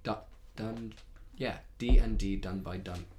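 A man co-hosting a podcast, chatting casually in an excitable, rambling way. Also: fairly low pitch, unhurried, a loud crowd. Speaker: podcast co-host. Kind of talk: casual chat.

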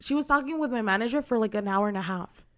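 Smooth-voiced young woman telling a story. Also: fairly high pitch, quick pace. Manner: animated storytelling, acts out quoted customers. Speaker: storyteller in casual conversation. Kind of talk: casual chat.

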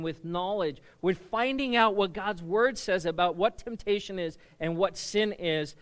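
A middle-aged male pastor preaching with a high, bright, ringing voice. He keeps his sermon conversational, asking the congregation questions and getting them to call answers back to him. His delivery is lively and engaging.

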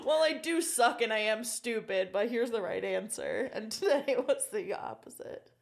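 A woman's voice: on the high side, lively intonation, normal speed, creaky. A young adult woman comedian guesting on a podcast, telling self-deprecating stories and laughing often. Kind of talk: casual chat.

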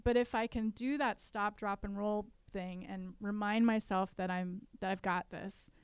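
A woman's voice: medium pitch, steady tone, a little slow, smooth, dry recording. A woman, an author, talking through her coping steps in a casual podcast conversation, earnest and self-deprecating. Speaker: author and guest.

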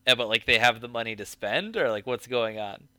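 Bright, crisp-voiced male co-host. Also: mid-range voice, lively intonation, a little fast, no echo. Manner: jokey, thinks aloud with restarts. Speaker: podcast co-host. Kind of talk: casual chat.

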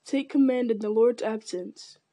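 A woman's voice: fairly high pitch, measured pace, mellow, dry recording. A woman reading aloud, voicing a grave, stern old male wizard who speaks in terse, solemn sentences. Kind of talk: audiobook character voice.

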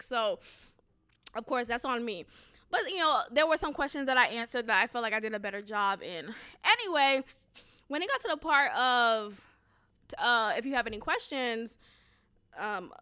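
A woman in her thirties who works as an educator tells a story on a casual vlog, venting animatedly with plenty of fillers and some swearing. Her voice is on the high side.

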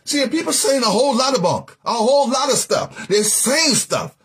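A man preaching a sermon, teaching scripture in a folksy, animated way, breaking into laughs and sung-out phrases. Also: very high-pitched, moderate pace, hardly any pauses, breathy edge.

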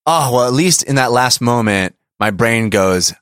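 Lively playful man on a dry mic. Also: mid-range voice, a little slow, clear, resonant tone, no echo. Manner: playful, jokey, laughs often. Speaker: podcast co-host. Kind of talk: casual chat.

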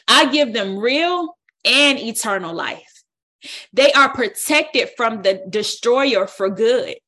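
A woman leading a Bible study, preaching with a lively exhorting style and colloquial speech. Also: on the high side. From United States. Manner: exhorting, call-and-response, colloquial.

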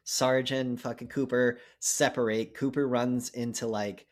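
A young man tells a movie's plot in loose, cursing, excited chat. His voice sits at an ordinary middle pitch, and he acts out bits of dialogue with plenty of energy. He sounds like a podcast co-host mid-rant. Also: measured pace. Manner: profane, animated retelling with acted-out lines. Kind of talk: casual chat recapping a movie.

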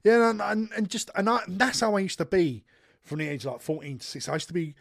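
Animated sweary man telling a story. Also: sits high, fast talker, vocal fry. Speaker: podcast co-host. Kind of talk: casual storytelling chat.

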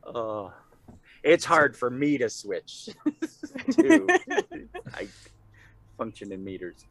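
A man playing a tabletop role-playing game, describing his character's actions and often laughing partway through a sentence. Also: fairly low pitch. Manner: unhurried, lively intonation, laughs mid-sentence. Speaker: player. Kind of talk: tabletop role-play chat.

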